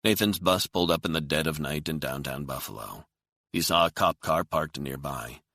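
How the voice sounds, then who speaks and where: Man, deep voice, bright tone, thriller audiobook narration, measured, dry studio sound. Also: dry recording.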